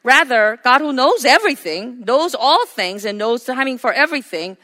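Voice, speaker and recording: A woman's voice: high voice, expressive, moderate pace, bright, forceful tone. A woman preacher giving an earnest, emphatic sermon with frequent fillers. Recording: long hall reverb.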